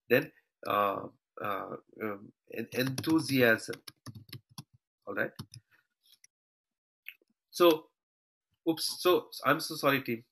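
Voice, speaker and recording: A man's voice: mid-range voice, background noise. A man teaching a live online class over a shared screen, calling his students "team" and tagging his points with "okay" and "all right". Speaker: online trainer.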